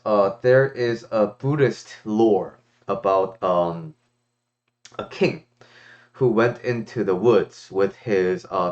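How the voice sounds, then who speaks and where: On a muffled recording, a man with a lowish voice talks to camera in a relaxed, reflective way. He's a life coach addressing a viewer thoughtfully, expressive but full of fillers and restarts.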